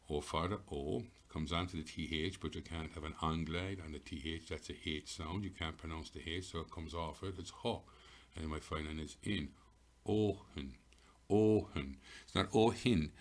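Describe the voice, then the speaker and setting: A man's voice: rumbling low, gravelly, fairly bright tone. A man, teaching pronunciation, methodically sounding out words and spelling them letter by letter. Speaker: Irish language teacher. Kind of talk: pronunciation lesson narration.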